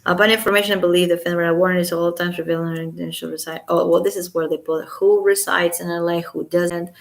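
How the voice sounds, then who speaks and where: Speaking quickly in a lowish, steady register with noticeable vocal fry, this Los Angeles resident reads a court filing at home. She breaks away for sarcastic, disbelieving commentary and now and then whispers.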